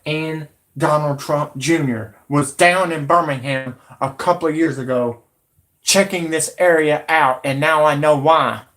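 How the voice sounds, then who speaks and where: This man in his 40s, from Alabama, hosts a channel and uses it for an angry ranting monologue, cursing and yelling combatively at his audience. His voice sits fairly high and he talks a little slowly.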